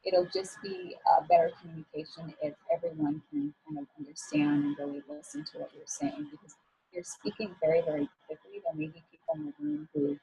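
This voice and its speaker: A woman's voice: high-pitched, very animated, a little fast, creaky, dark tone, lo-fi sound. A woman working as an image coach, giving a talk on professional communication in a casual, encouraging way with frequent fillers.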